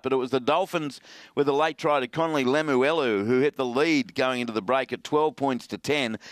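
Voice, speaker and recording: A man's voice: on the high side, no echo, studio quality. A man hosting a rugby league radio show, playful and teasing as he steers the discussion. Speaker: radio sports show host.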